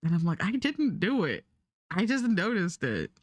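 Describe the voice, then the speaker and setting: A woman's voice: lowish voice, sing-song, moderate pace, dry recording. A young adult woman streaming, chatting casually and rambling while she draws, swearing now and then.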